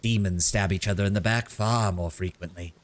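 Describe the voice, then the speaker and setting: A man voicing a shrewd, worldly male kobold bard in a video game, speaking in a measured storytelling way. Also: low-pitched, fairly even intonation, close to an everyday voice. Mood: sly. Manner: measured storytelling, grows sonorous and dramatic. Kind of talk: reading game dialogue aloud.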